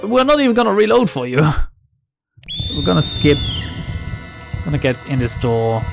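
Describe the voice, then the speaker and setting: A woman's voice: extremely low pitch, vocal fry. A woman hosting a let's-play video, commenting on the game in a wry, casual way and swearing now and then. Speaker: gaming video host.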